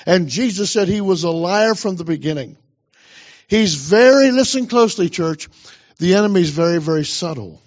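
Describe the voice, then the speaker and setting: A man's voice: high voice, lively intonation, moderate pace. Emphatic pastor guy giving a sermon, kinda muffled lo-fi recording. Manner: emphatic preaching, urging the congregation on.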